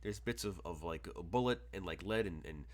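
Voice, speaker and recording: A man's voice: deep voice, brisk. A man narrating as game master, rambling with many fillers and chuckles.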